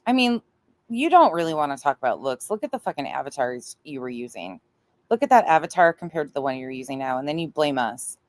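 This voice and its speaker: A woman's voice: low-pitched, expressive, brisk, no room sound. A woman host giving blunt, profane, scornful reaction commentary on a clip she plays.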